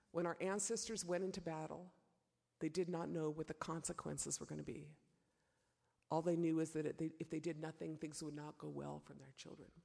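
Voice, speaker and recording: A woman's voice: low voice, vocal fry, dark tone, slightly rough, big-room sound. A middle-aged woman giving an impassioned public speech as an activist, often filling with "you know.". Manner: impassioned, with many repeated "you know" fillers. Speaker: activist speaker.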